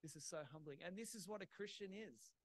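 A man's voice: high voice, a little fast, rough recording. A man preaching a sermon in a church, explaining things simply and plainly, with small laughs.

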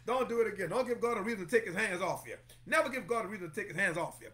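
A male pastor delivering a sermon with a high voice that swoops up and down constantly. He preaches fervently, repeats his key phrases and calls out to listeners by name. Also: lively intonation, very fast, fairly bright tone.

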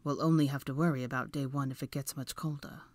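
A woman's voice: extremely low pitch, fairly even intonation, fast talker, no echo. Woman doing a sneering young wizard man. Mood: irritable. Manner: drawling, sneering. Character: snide sulky young male wizard. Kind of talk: audiobook character voice.

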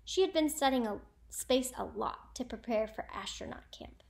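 Expressive woman reading a children's story. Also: a little high, moderate pace, creaky. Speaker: teacher. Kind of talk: storybook read-aloud for children.

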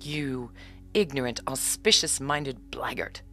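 A woman's voice: very deep voice, pushed and bright, heavily acted. A woman reading a storybook aloud and voicing a touchy, sneering little male leprechaun cobbler, with faint music behind her. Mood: indignant. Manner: sneering and quick to take offence.

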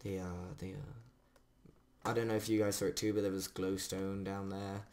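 A man chatting casually through a let's play, self-mocking and swearing when things go wrong, his voice a little rough today. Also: sits low, little pitch movement, normal speed, a little mellow. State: rough-sounding voice. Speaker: gamer doing a let's play. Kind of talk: casual game commentary. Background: faint background music.

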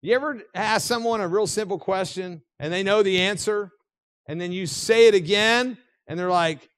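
Middle-aged man, pastor, high voice, dry close sound, animated, joking sermon in a church. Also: normal speed, dry recording. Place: church sanctuary.

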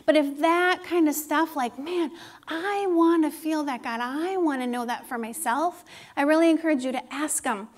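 A woman with a high, light voice shares a personal testimony from the pulpit. She sounds earnest and encouraging, and her voice sometimes drops to an intimate hush. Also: normal speed. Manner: earnest, intimate, encouraging, drops to a hushed whisper when quoting God. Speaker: speaker at a church service.

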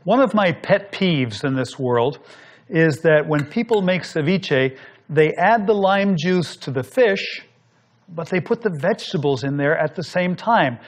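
A man's voice: fairly high pitch, lively intonation, unhurried. A man hosting a cooking show, explaining each step in an easy, instructive way while he works. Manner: explanatory, talks while working. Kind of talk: cooking demonstration.

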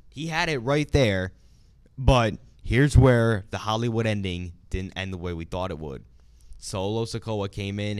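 A man's voice: lowish voice, clear, resonant tone, dry recording. A young man co-hosting a casual talk show, speaking with enthusiastic, opinionated energy. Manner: enthusiastic, opinionated, animated storytelling. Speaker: co-host of a wrestling talk show. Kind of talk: casual chat.

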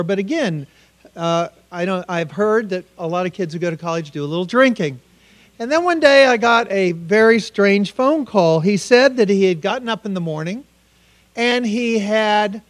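A middle-aged American man with a fairly high voice speaks as a keynote speaker. He tells a hard family story earnestly and gives each quoted line its own voice. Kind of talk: personal story told as a conference keynote. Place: conference hall.

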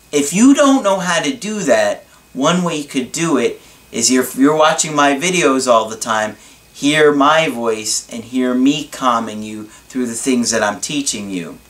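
A male relationship coach talks through an advice video at an unhurried, drawn-out pace. His voice sits at a middling pitch, and he explains in a deliberate, reassuring way. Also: expressive, a bit bright.

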